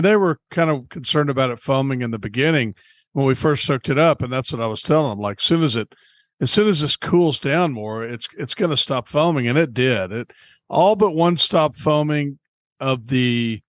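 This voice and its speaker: A man with a mid-range voice, recorded dry and close, explains and tells stories in an unhurried, easygoing way. He co-hosts a casual podcast chat. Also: mid-range voice, dry recording. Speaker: podcast co-host.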